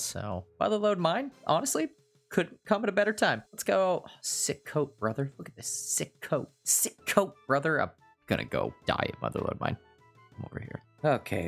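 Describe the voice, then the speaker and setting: A man giving casual, self-mocking gameplay commentary at his computer, sarcastic and swearing often. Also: mid-range voice. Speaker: video game streamer.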